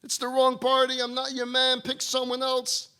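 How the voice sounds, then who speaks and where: A man's voice: very high voice, completely flat delivery, moderate pace, sharp tone, smooth, voice pushed up. A man doing a reluctant, protesting Moses. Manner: protesting, pleading. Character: humble reluctant Moses refusing a calling.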